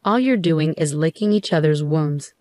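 Brief: woman narrator voicing a bossy, scornful mother in a storybook, lower voice, dry sound. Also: animated, normal speed, mellow, no room sound. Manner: scornful, demanding. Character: condescending overbearing middle-aged mother.

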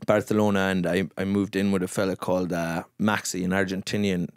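Brief: Irish comedian, lively storyteller, laughs and swears often, dry studio mic. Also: male voice, low voice, brisk, no echo. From rural Ireland. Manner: animated anecdotes, frequent laughter and swearing. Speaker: guest comedian. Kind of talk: casual storytelling chat.

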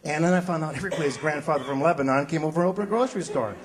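A man doing a stand-up comedy set on a theater stage, delivering punchlines with animated energy and slipping into character voices. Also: fairly high pitch, racing, background noise. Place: theater stage before a live audience. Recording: live stage recording with loud audience laughter.

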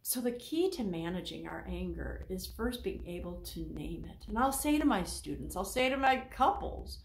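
A woman teaching as a Christian counselor, animated and acting out the people she quotes. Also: moderate pace, gravelly, roomy sound. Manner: animated, acts out quoted speakers with pitch jumps. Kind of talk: teaching talk on faith and emotions.

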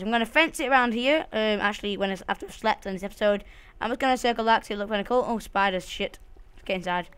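Clear-voiced woman doing jumpy game commentary. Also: medium pitch, a bit bright. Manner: jumpy, swears a lot, talks to herself and the game. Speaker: let's play host. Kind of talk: casual gaming commentary.

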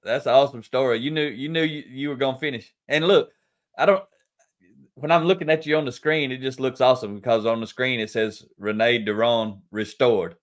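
A man hosts a podcast interview in a casual, upbeat way. He reacts with encouragement, and his voice sits in an ordinary middle pitch. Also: steady tone, brisk. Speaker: podcast host.

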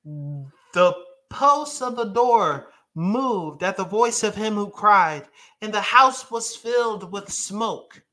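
Slow, bright-voiced male preacher. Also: high-pitched, expressive. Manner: emphatic, reads scripture aloud and explains it; casual colloquial asides to the congregation. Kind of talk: sermon with scripture reading.

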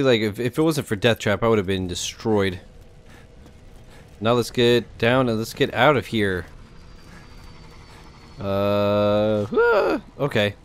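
A man casually commentating his gameplay in a chatty, rambling, excitable way. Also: medium pitch. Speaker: gaming streamer. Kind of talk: casual let's-play commentary.

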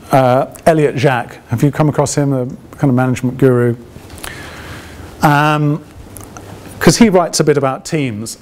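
A man's voice: a little high, a little mellow. A man giving an open lecture to alumni in a conversational way, often checking with the audience through rhetorical questions and dry, ironic asides. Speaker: guest lecturer.

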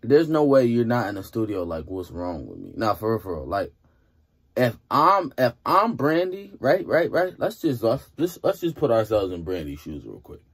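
Husky young man, lively exasperated commentary. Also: medium pitch, normal speed. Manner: exasperated, rambling, repeats himself with playful disbelief. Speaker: reaction video host. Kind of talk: casual reaction commentary.

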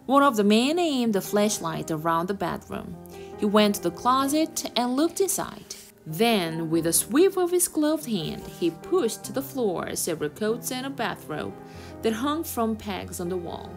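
Female reader, expressive novel read-aloud for learners, animated intonation. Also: mid-range voice, a little slow, soft background music. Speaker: teacher reading aloud. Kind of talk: reading a children's novel aloud for English learners.

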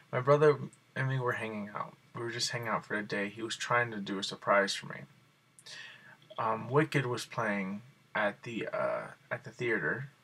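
A man telling a story in a casual video blog, excited and rambling, with lots of fillers. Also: on the low side, slightly rough. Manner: excited and rambling, many fillers like "like" and "you know". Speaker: video blogger.

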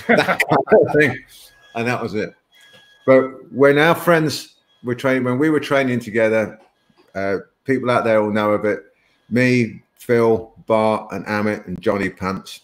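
Guy hosting a live web chat, rambly, laughs a lot, mid pitch. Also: moderate pace. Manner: chatty, laughs often, rambling storytelling. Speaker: webinar host. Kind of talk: casual live webinar chat.

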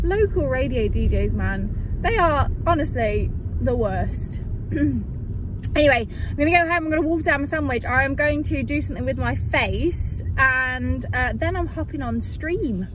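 A young woman talking to her phone camera in a rambling, animated, self-mocking vlog. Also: high-pitched, moderate pace. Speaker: vlogger. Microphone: phone held at arm's length. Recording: phone audio with street noise.

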